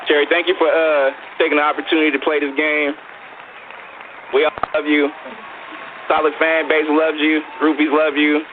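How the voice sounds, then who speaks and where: A man's voice: on the high side, flat delivery, normal speed, pauses often, narrow, tinny audio, a crowd in the background, noisy background. A man co-hosting a live radio chat show, joking around, hyping up his guest and laughing often.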